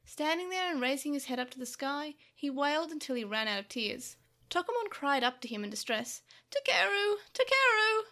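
A woman reading a story aloud in an expressive way, with small slips. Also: sits high, a little fast.

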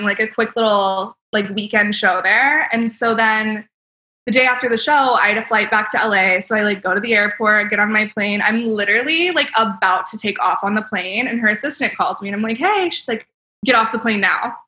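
Speaking in a bright, forceful mid-range voice, this young woman is a celebrity makeup artist guesting on a podcast. She chats casually and bubbly, telling stories, laughing a lot and saying "like" constantly, in a recording with roomy echo.

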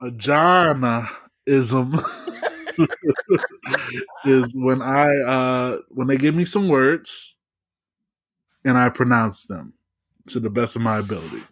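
Man, podcast co-host, casual chat, slow, hesitant, chuckling, dry sound. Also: medium pitch, expressive, fairly bright tone, no echo. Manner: hesitant, chuckling, fumbles over hard words.

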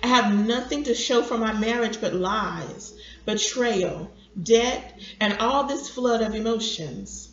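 A woman's voice: fairly high pitch, takes it slowly. A woman reading aloud as a bitter young widower and father who speaks defensively and in anguish. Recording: roomy, dull lo-fi recording.

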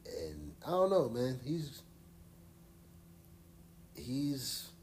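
A man's voice: medium pitch, huge pitch swings, extremely slow, darkish tone, slight background noise. A man co-hosting a podcast, talking in a laid-back, rambling way full of slang and fillers. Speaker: podcast co-host. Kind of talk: casual chat.

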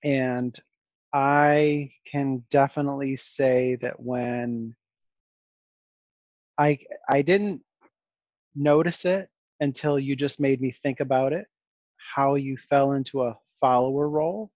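A man hosting a podcast in casual conversation, halting with many restarts and a dry, sarcastic edge. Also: mid-range voice, steady tone, a little mellow, dry recording, highs cut off. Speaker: podcast host.

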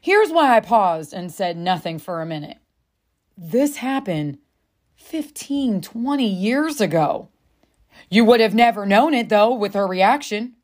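A woman with a voice of ordinary pitch for her sex talks straight to the listener, candid and confiding. She swears freely and keeps calling her audience "friend" as she works through a personal story. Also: lively intonation, a little slow, a little mellow. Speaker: self-help speaker.

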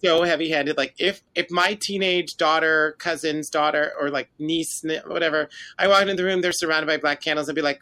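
A woman's voice: low-pitched, steady tone, a little fast, hardly any pauses, fairly bright tone. A woman from the Caribbean co-hosting a podcast, chatting casually and animatedly about a TV episode, laughing and acting out lines. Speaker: podcast co-host. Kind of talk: casual chat recapping a TV show.

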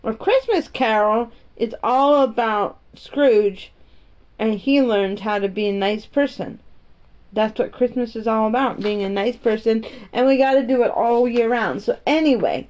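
A woman reading a children's story aloud in a gentle, homey storytime manner. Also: fairly high pitch, measured pace. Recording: muffled lo-fi recording.

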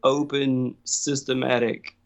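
A man's voice: medium pitch, little pitch movement, slow pace. A man telling a story in casual chat, swearing freely and laughing often. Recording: dull lo-fi sound.

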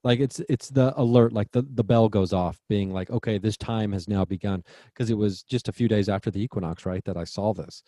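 A man's voice: lowish voice, fairly quick, hardly any pauses, mellow, no echo, clean studio sound. A man co-hosting a podcast in casual chat, rambling and searching for words. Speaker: podcast co-host. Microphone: remote call mic.

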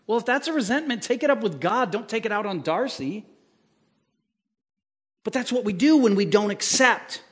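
A male pastor with a fairly high voice delivering a sermon. He keeps it animated and conversational, tossing rhetorical questions out to the congregation as he goes. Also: moderate pace, pauses often.

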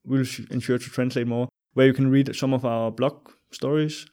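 A man speaking English with a Danish accent, chatting loosely as a podcast guest with many fillers and pauses. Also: medium pitch, fairly even intonation, dark tone. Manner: friendly, loose, hesitant with fillers. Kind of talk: casual interview chat.

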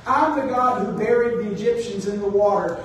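A man's voice: high-pitched, fairly quick, slight background noise, natural voice. A man voicing God in a sermon, speaking firmly and declaring. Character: God speaking to his people, commanding. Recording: echoey room, distant mic.

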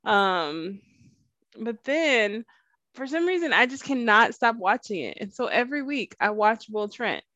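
A woman's voice: on the high side, expressive, measured pace, bright, forceful tone, no room sound, dull audio. A woman co-hosting a podcast in casual chat, talking freely, laughing often and acting out what people said. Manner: chatty, laughs often, acts out quotes. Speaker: podcast co-host.

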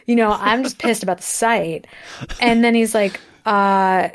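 A musician guest in her thirties tells a story during a relaxed interview, speaking in a mid-range voice at a moderate pace. She's lively and animated, often laughing mid-sentence and acting out what people said.

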